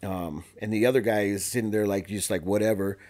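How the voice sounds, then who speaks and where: A man with a somewhat low voice talks casually as a podcast guest. He tells his story in an animated, slangy way, with lots of fillers and restarts. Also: a little fast. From Arizona.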